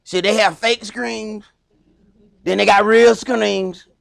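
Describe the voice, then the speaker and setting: Animated Southern preacher man, high bright voice, gravelly edge, loud and playful. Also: takes it slowly. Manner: animated, loud, acts out skits. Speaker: teacher of a Sabbath class. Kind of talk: lively sermon-style Bible class. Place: congregation hall.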